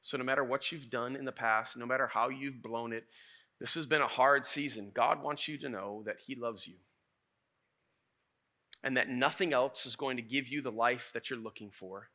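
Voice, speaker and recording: A man preaching a sermon as a pastor, telling stories in a lively, casual way. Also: medium pitch, normal speed. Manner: animated, casual storytelling preacher.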